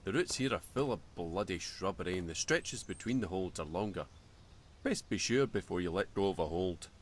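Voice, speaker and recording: A man voicing a gruff, hearty mountaineer in a game who teases and warns a climber. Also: sits low, lively intonation, moderate pace, a little hiss or hum. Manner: hearty, teasing warnings.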